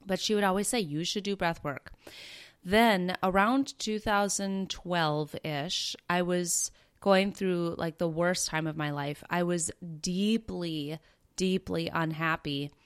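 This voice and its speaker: Woman in her 30s, podcast host, earnest personal storytelling, smooth and lower-pitched. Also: steady tone, slow. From Minnesota, USA. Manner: earnest, conversational, with quoted dialogue. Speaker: podcast host and breathwork facilitator.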